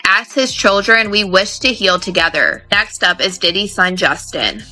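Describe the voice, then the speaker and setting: Bright-voiced woman narrating over music. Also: fairly low pitch, big pitch swings, unhurried, few pauses, poor audio. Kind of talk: scripted narration.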